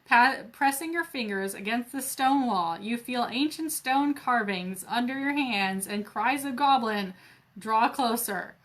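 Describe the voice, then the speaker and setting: A woman reads a choose-your-own-adventure book aloud for a library storytime. Her voice is high and bright. She often breaks off for playful, self-mocking jokes. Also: a little slow, few pauses. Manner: playful asides, laughs at herself.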